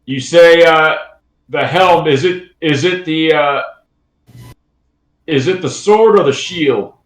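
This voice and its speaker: A man narrating a tabletop game as game master, halting and pausing often. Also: fairly high pitch, reverberant, low-quality recording. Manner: halting, with many fillers and restarts.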